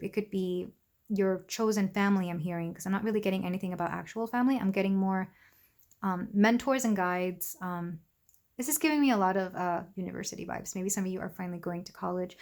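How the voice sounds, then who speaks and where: A young woman giving a casual pick-a-card tarot reading, gentle and chatty with frequent ums and asides. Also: mid-range voice. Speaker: tarot reader.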